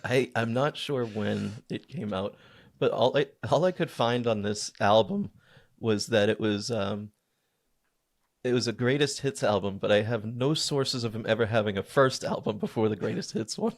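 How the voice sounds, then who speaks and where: Man, comedy podcast co-host, dry wry explainer, casual chat, mid pitch. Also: moderate pace.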